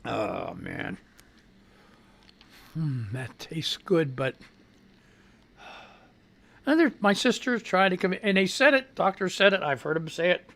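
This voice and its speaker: Brief: high, lively-voiced male radio host, bright and rambling, swears casually. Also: measured pace, gravelly, long pauses. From United States. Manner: loud, rambling, swears freely.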